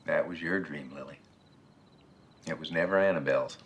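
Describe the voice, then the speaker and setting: A gentle, deep-voiced husband. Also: male voice, moderate pace. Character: gentle supportive husband farmer. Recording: film audio with soft music.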